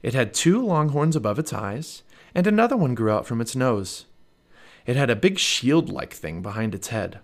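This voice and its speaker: A man narrating a children's storybook aloud as a parent, with an expressive read-aloud delivery. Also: mid-range voice, normal speed.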